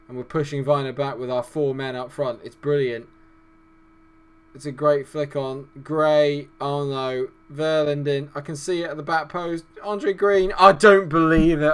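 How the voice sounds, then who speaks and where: Hoarse male gaming commentator, moody and excitable. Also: on the high side, measured pace. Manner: swings from glum muttering to shouting outbursts. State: hoarse, losing his voice. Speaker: gaming YouTuber. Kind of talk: excited live game commentary.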